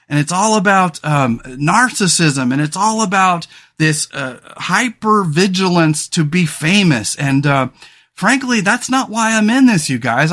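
A man's voice: high voice, fairly bright tone. A man hosting a solo podcast in casual talk, rambling and frank, with many fillers and restarts. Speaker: podcast host.

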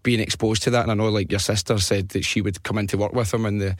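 Male podcast host; quick, low-pitched, bantering questions; dry close mic. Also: flat delivery, dry recording. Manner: chatty, banter-filled questions. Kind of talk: casual interview chat.

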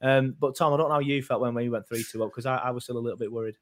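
A man's voice: mid-range voice, fairly even intonation, racing. A man hosting a casual football fan chat, rambling and hesitant, full of fillers and restarts. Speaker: fan podcast host.

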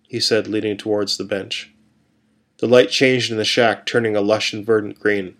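Man calmly narrating a story. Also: fairly low pitch, normal speed. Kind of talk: first-person story reading.

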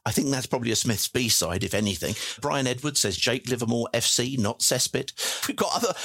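A man's voice: mid-range voice, creaky, fairly bright tone, dry recording, clean studio sound. A man with an English accent hosting a podcast, reading out listener messages in a jokey, chatty way. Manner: jokey, chatty, wordplay asides. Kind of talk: casual chat.

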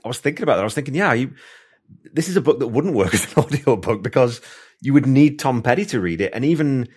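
A man's voice: mid-range voice, lively intonation, quick pace, darkish tone, slightly rough. A man hosting an interview, chatty and enthusiastic, rambling through his thoughts with restarts. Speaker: podcast host. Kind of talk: casual interview chat.

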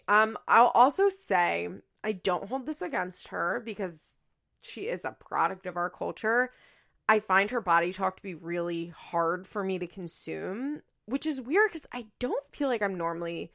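A woman in her twenties talks alone in a loose, candid way. Her speech is full of fillers and casual swearing, and a gravelly creak runs through her middle-pitched voice. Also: a bit bright. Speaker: podcast host. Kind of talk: casual solo chat.

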